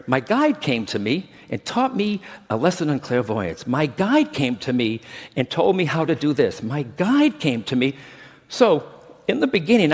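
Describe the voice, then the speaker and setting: A man's voice: on the high side, slightly rough. Middle-aged guy giving a chatty stage talk, voice swings up and down a lot, big hall reverb. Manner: chatty, keeps checking in with the crowd. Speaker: medium teaching a workshop. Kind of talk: conference talk to a live audience. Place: large conference hall.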